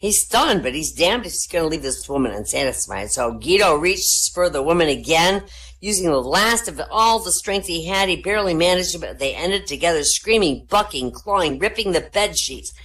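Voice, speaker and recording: Woman, very low voice, joke teller, deadpan storytelling, comedy night in a voice chat. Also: moderate pace. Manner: deadpan storytelling, lifts pitch for punchlines. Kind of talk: telling jokes at an online comedy night. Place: online voice chat room.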